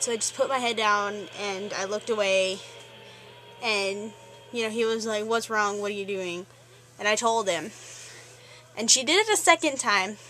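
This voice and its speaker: A woman's voice: mid-range voice, sharp tone, poor audio. A teenage girl ranting in a rambling, exasperated way, full of fillers. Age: teens. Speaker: vlogger. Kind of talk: ranting vlog.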